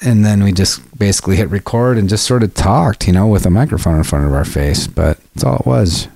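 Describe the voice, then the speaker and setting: A man hosting a podcast, introducing the episode in a relaxed, loose way with fillers. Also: lowish voice, a little fast, creaky, dry recording. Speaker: podcast host. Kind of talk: casual podcast intro and chat.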